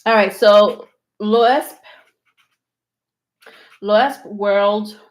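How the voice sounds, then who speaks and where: Her mid-range voice holds a fairly even intonation and moves very slowly as she reads tarot live for her viewers. The chat is loose and comforting, peppered with ums, and she seems slightly winded.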